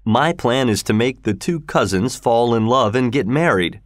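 A man's voice: mid-range voice, lively intonation, normal speed, no echo, studio quality, lightly acted. A man voicing a cruel, scheming middle-aged landowner in a read-aloud story, with a cold, mocking manner.

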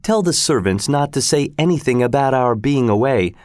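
A man voicing a wise, gracious noble lady who speaks in a measured, dignified way in a storybook reading. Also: mid-range voice, lively intonation, darkish tone, no room sound, studio quality, voice pushed up, natural voice. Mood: poised.

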